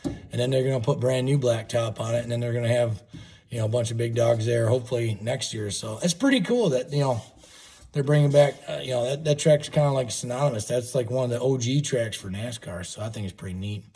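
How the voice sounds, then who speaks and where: Husky, folksy man chatting on a livestream. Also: medium pitch, brisk, dark tone. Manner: rambling, folksy, swears casually. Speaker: livestream host. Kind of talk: casual livestream chat.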